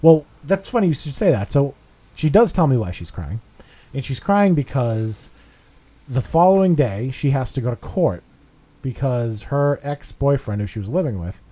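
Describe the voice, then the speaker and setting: A man in his thirties spins a long, rambling anecdote in casual banter with a friend. He talks in an animated, self-mocking way, with plenty of cursing and mid-range pitch. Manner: profane, self-deprecating, animated storytelling. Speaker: podcast co-host. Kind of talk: casual storytelling chat.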